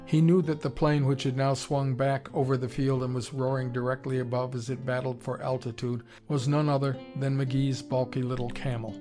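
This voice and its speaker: A man reading an audiobook in a steady, measured storytelling voice. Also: medium pitch, soft background music. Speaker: audiobook narrator. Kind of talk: scripted narration.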